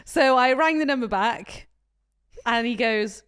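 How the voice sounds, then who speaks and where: A young woman chatting casually as a podcast co-host. Her voice sits fairly high, and she talks candidly, swears freely and laughs often. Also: measured pace, fairly bright tone, clear, resonant tone. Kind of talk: casual chat.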